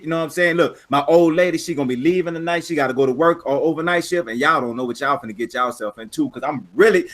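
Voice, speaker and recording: A man's voice: a little high, fairly bright tone. A man co-hosting a casual gaming podcast, boastful and rowdy in his slang. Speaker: podcast co-host.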